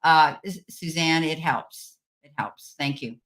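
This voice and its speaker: A woman giving a personal spirit reading as a psychic medium, speaking gently and reassuringly with frequent pauses. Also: deep voice.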